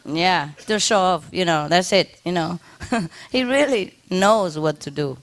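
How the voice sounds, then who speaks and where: A woman's voice: fairly low pitch, expressive, unhurried. Chuckling woman giving an informal talk. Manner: laughs often, simple non-native English phrasing. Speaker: spiritual teacher. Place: ashram gathering.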